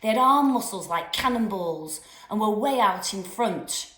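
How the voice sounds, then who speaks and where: A woman teacher reading a children's novel aloud with expressive storytelling. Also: mid-range voice, a little slow. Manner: expressive storytelling with lively voices. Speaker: primary school teacher. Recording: roomy echoey room.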